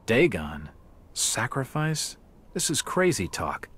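An actor playing a tough, weary male investigator in a video game, blunt and curt in manner, with a gruff, raspy voice. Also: mid-range voice, very animated, slow, fairly bright tone, heavily acted.

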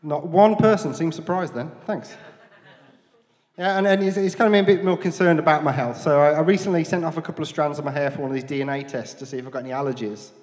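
A man's voice: fairly high pitch, fast talker, a little mellow, in a large hall. A man in his forties with a Black Country accent doing a self-deprecating stand-up set at a comedy club, chatting with the crowd between jokes. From Dudley, England. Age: 40s. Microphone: handheld mic.

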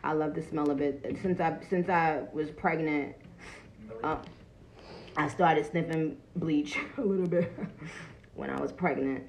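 A woman, streaming live from her phone. Her voice is gravelly, and she talks loud, salty and animated. She breaks off often to greet her viewers. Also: low-pitched, unhurried, pauses often, poor audio. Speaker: livestream host. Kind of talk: casual livestream talk.

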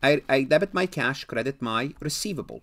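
A male lecturer working through an accounting example at a medium pitch. He poses questions and answers them himself, and repeats key terms to drive them home. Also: expressive, brisk, fairly bright tone. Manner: asks and answers his own questions, repeats key words. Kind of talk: recorded lecture.

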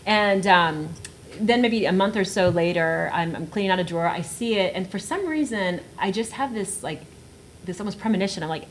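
A woman in her thirties from South Texas, a writer on a panel, telling a story. She talks in an animated way, laughs often and acts out the voices she quotes. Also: mid-range voice, normal speed, slight background noise. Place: auditorium panel discussion.

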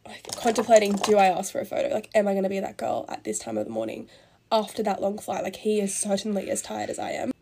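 A woman's voice: mid-range voice, gravelly, dark tone. A young woman telling a chatty, gossipy story while getting ready, full of "like" and casual swearing. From Australia. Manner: fast, gossipy, heavy use of "like", swears casually.

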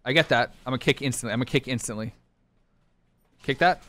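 A man streaming a competitive online game live, talking his teammates through the match in short clipped callouts and bursting into excited shouts. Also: medium pitch, quick pace. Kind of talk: live gameplay commentary.

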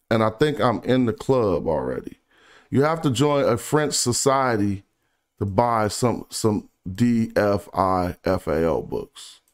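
A man with a speech pattern talks through his research in a relaxed, off-the-cuff way. His voice is smooth and resonant at a middle pitch. He reads passages slowly and trails off into low, quiet asides. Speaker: independent researcher presenting online. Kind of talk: casual screen-share research commentary.

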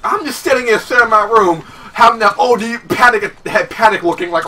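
A man's voice: high-pitched, brisk. A young man hosting a let's play, rambling through a story and swearing often as he plays. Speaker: gaming channel host. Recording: voice from far off under loud game sound.

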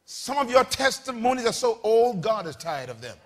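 A man preaching a sermon. He leads the congregation in call-and-response, spells out words for them and builds up to shouts. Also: extremely high pitch, sing-song, normal speed.

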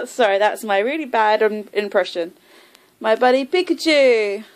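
A woman's voice: fairly high pitch, lively intonation, normal speed, poor audio. A woman, chatting casually through a haul video, rambling with lots of ums and likes. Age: 20s. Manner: chatty and rambling, many fillers like um and like. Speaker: vlogger.

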